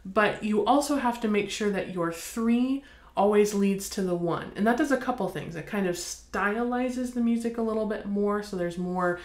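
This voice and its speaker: An American woman teaching bassoon, explaining in a friendly way and counting beats aloud. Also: moderate pace. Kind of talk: instructional demonstration. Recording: echoey room.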